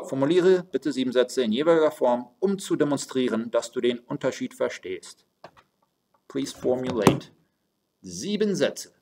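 A man's voice: medium pitch, gravelly, a little mellow. A man teaching German grammar in a recorded lesson, going step by step between German and English phrases and talking to his students as "you guys".

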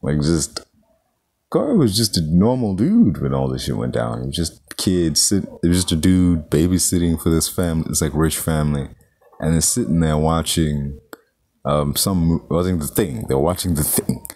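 A man's voice: a bass voice, animated, moderate pace, darkish tone, husky. A man giving a casual, profane movie review, riffing loosely and slipping into mock voices.

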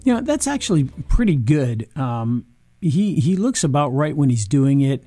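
A man casually reviewing software on screen, chatty, with frequent ums and restarts. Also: mid-range voice, big pitch swings, moderate pace, dry recording, soft background music. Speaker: video marketing reviewer.

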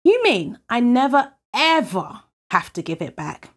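A woman voicing an eager, sly young boy in a read-aloud picture book, in a bright, excited, pleading way. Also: fairly high pitch, unhurried, pitched above the performer's own voice.

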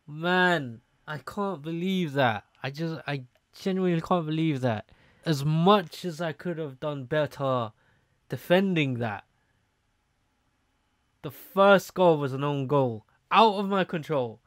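A young man, commentating his own football video game matches and swinging between low mutters and shocked shouts. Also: takes it slowly, no echo. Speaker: gaming YouTuber. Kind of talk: live gameplay commentary.

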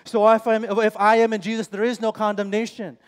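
High-voiced impassioned male preacher. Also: level tone, fairly quick. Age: 40s. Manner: impassioned, emphatic, addresses listeners as friends. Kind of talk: sermon. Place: church sanctuary. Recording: church hall reverb, faint music.

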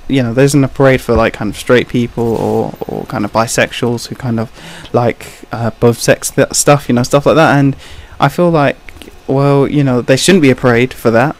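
Man, gaming commentator, casual rambling opinions, hesitant, filler-heavy, mid-pitched voice. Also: a little mellow. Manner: hesitant, rambling, heavy use of "you know" and "kind of"; laughs awkwardly between points.

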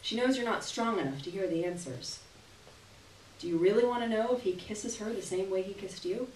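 A woman's voice: mid-range voice, fairly quick, a little mellow, a little hiss or hum. A woman giving a dramatic live reading of a story in the second person. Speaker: reader. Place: stage in a hall. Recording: echoey hall from far off.

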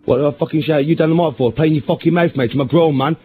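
A man's voice: a little high, very fast, warm tone, faint music behind, lightly acted, poor audio. A man playing a furious, swearing man from Birmingham who screams threats, with a Birmingham accent. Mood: enraged.

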